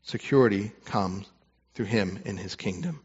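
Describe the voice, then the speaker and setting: A man preaching a sermon as pastor, earnest, moving between hushed, tender passages and fervent ones. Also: fairly low pitch, normal speed, husky, muffled recording.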